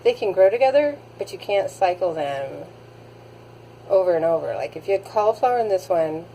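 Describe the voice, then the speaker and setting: A woman's voice: on the low side, animated, moderate pace, warm tone, slight background noise, low-quality recording. A woman chatting casually as she vlogs her garden work, thinking aloud with fillers, recorded outdoors. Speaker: vlogger. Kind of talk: casual garden vlog narration.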